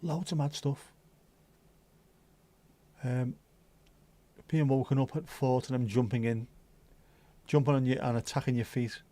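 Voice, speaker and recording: A middle-aged man chats through a livestream, rambling from one topic to the next. His talk is loose and sweary, full of banter for the viewers. His pitch sits in the middle range. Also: fairly even intonation, measured pace, long pauses, dark tone. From Liverpool, England. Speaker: livestream host. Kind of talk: casual chat reading viewer comments.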